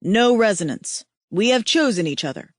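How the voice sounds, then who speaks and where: A woman's voice: medium pitch, expressive, moderate pace, no room sound, clean studio sound, close to an everyday voice. A woman voicing a devoted male alien warrior in an audiobook, speaking formally and earnestly without contractions. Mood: tender.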